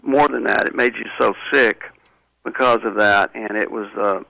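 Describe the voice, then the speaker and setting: A man being interviewed, telling a personal story in a halting, earnest way with many restarts. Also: lowish voice, steady tone, vocal fry, sharp tone, no echo, rough recording. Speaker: interview guest.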